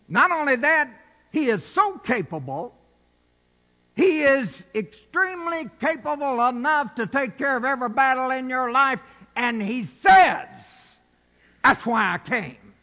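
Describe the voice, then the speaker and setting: High-voiced preacher in a reverberant hall. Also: male voice, big pitch swings, unhurried. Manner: emphatic, swells to shouted peaks. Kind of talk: sermon.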